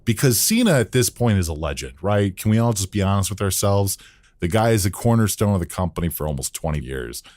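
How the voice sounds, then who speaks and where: A man's voice: sits low, animated, fast talker, a little mellow, no echo. A man hosting a wrestling podcast, reading the live chat aloud and breaking down promo clips. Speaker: podcast host.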